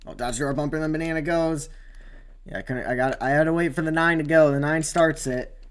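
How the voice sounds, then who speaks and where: A man's voice: on the high side, a little fast, smooth. Rambling man streaming a sim race. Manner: rambling, many fillers, sudden excited outbursts. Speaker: sim racing streamer commentating his own race. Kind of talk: casual live-stream race commentary.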